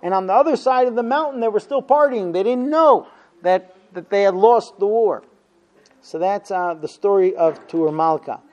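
A man with a fairly high but mellow voice tells a story to his class. He acts out the quotes with energy and pauses often on fillers. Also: highs cut off. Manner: animated storyteller, acting out quotes, many fillers. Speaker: teacher of a Talmud class. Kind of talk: storytelling lesson.

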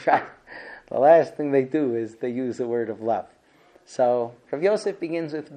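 A man teaching a religious class, telling stories with animated voices for the characters and dropping to hushed whispers. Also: mid-range voice, slow pace. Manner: acts out characters with big swings from shouts to hushed whispers. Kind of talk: animated storytelling lesson.

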